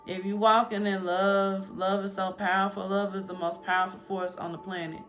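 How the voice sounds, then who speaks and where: A woman's voice: medium pitch, little pitch movement, normal speed, a bit bright, faint music behind. A woman giving a casual motivational talk to her viewers, chatty and storytelling, calling them "y'all". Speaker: spiritual vlogger. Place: home in Colorado.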